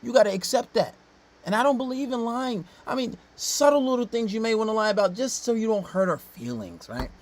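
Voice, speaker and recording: A man giving casual reaction commentary, blunt and profane, swinging from low mutters to loud outbursts. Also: lively intonation, a little fast.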